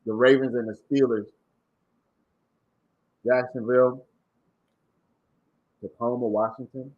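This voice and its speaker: A man's voice: medium pitch, steady tone, slow, narrow, tinny audio. A man from Maryland hosting a casual livestream, chatting and reading out viewer comments. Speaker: livestream host.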